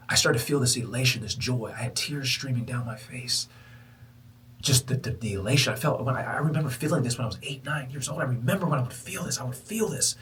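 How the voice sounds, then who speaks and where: A man hosting a podcast, telling a personal spiritual story in a lively, preacher-like way. He moves between loud exclamations and hushed, whispered passages. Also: medium pitch, a little fast, distant mic, slight background noise, low-quality recording. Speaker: podcast host. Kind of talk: motivational storytelling.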